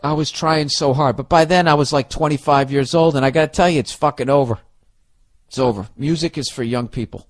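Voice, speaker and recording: A middle-aged man delivers a solo podcast monologue with plenty of swearing and sarcasm. His voice sits a little high for a man. He rambles loosely and casually, like someone griping to friends. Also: brisk. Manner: ranting, profane, sarcastic. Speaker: podcast host.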